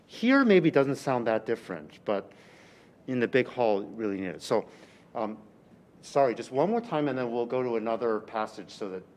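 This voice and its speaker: A man teaching a violin master class in a rehearsal room, coaching a student with lively, exaggerated phrasing and frequent restarts. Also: mid-range voice, normal speed, a little hiss or hum. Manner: animated, exaggerated teaching delivery with repeated phrases.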